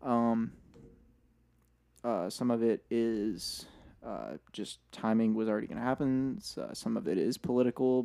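A man's voice: mid-range voice, creaky, dark tone. A young man hosting a podcast in casual chat, rambling with fillers and repeated words. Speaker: podcast host.

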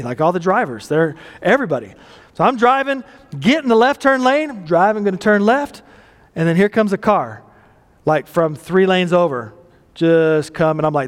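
Pastor, male, high tenor, casual sermon delivery with questions to the crowd, long hall reverb. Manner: conversational, self-deprecating, asks the audience questions.

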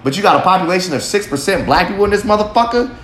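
Rapid-fire and high-pitched, this podcast host's expressive, slightly bright voice carries a blunt, rambling monologue packed with constant swearing. The room is echoey, with a faint hum behind him.

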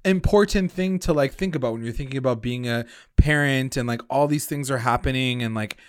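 A man in casual chat, recapping a show with a co-host. He talks in a mid-pitched voice, animated and loose, and sometimes jumps up high to act out characters. The sound is dry and close. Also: fairly quick, clear, resonant tone, no echo. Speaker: podcast co-host recapping a TV episode.

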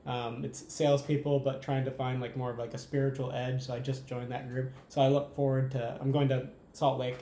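A man's voice: medium pitch, level tone, a little fast, few pauses, dark tone, reverberant, a little hiss or hum. A man talking casually and enthusiastically as a podcast guest, rambling and asking "right?" often. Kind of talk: casual conversation.

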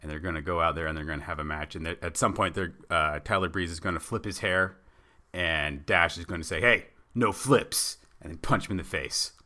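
A man co-hosting a casual wrestling chat, rambling and animated as he pitches ideas. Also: quick pace. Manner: rambling, animated, acts out bits in silly voices. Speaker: podcast co-host.

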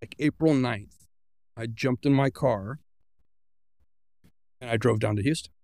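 A man's voice: mid-range voice, a little slow, darkish tone, no room sound, studio quality. A man, a podcast guest, earnestly retelling a personal story and voicing his own inner thoughts.

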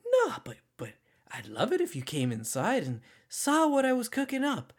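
A man's voice: very high voice, wildly swooping pitch, normal speed, voice pushed up, heavily acted. A man voicing an unsettling, mentally ill young man who speaks in a creepily sing-song, insistent way. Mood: eerie, coaxing.

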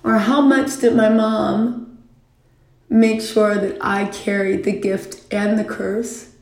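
A woman's voice: medium pitch, level tone, takes it slowly, vocal fry, darkish tone, echoey room. A woman vlogger telling a personal story in a reflective, questioning way, swearing casually now and then.

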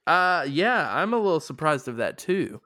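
A man's voice: a little high, sing-song, normal speed, sharp tone, dry recording, clean studio sound. A man with an American accent co-hosting a podcast in casual, joking chat, laughing often. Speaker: podcast co-host.

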